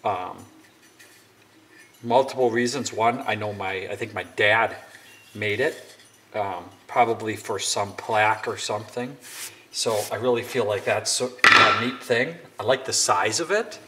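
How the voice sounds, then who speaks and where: Brief: young man, lowish voice, DIY vlogger, easygoing and self-deprecating, noisy home workshop. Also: unhurried. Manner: rambling, self-deprecating joking. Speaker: DIY woodworker. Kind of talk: casual how-to narration. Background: workshop noise, sanding and clicks.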